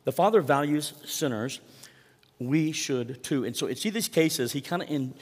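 A man's voice: on the high side, expressive, fairly quick, long reverb tail. A man preaching a sermon in a conversational way, asking the congregation rhetorical questions. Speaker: pastor.

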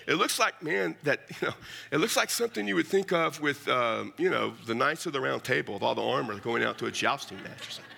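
A middle-aged man preaches in a folksy, joking way, telling stories and calling his listeners "man". His voice is gravelly and carries a bright, forceful edge, and he tells his stories with plenty of humour. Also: on the high side. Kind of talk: storytelling sermon.

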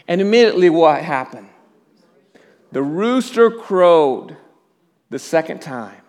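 A man preaching a sermon in a church, often restarting his words and dropping to a hush at the solemn parts. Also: on the high side, animated. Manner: halting restarts, drops to a hush at solemn moments. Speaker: pastor.

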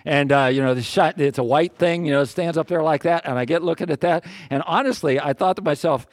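An older man preaching, telling a personal story in a folksy, self-deprecating, animated way. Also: fairly high pitch, a little fast, few pauses, dry recording, clean studio sound. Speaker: pastor. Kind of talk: storytelling sermon.

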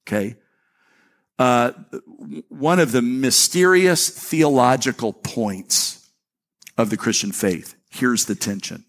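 A man preaches to his congregation in a church, speaking plainly and conversationally. He often restarts a phrase or repeats a word before moving on, and his pitch climbs when he reads scripture out loud. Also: takes it slowly. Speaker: pastor. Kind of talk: sermon with scripture reading. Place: church sanctuary.

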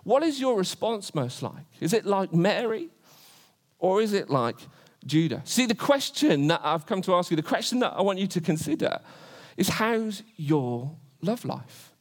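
A man's voice: sits high, sing-song, normal speed. A man in his twenties preaching a sermon, earnest, asking rhetorical questions again and again. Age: 20s.

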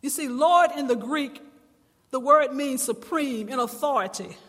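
A woman preaching a sermon in church, impassioned and swelling into loud, emphatic cries. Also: high voice, a little slow, big-room sound.

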